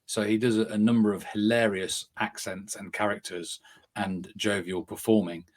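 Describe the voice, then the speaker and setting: A man co-hosting a podcast, with a deep radio-style voice, upbeat and teasing in casual chat. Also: little pitch movement. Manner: upbeat, teasing, quick to laugh. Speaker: podcast co-host.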